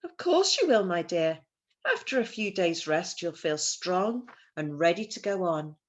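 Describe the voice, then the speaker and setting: A woman's voice: fairly low pitch, very animated, a little slow. A woman voicing a kind, motherly old woman in a storybook, speaking in a soothing, coaxing way. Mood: reassuring.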